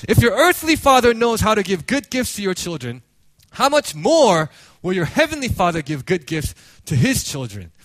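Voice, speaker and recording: A man preaching a sermon, telling a story with animated acted-out quotes and frequent casual fillers. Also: sits high, moderate pace, no room sound. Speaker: pastor.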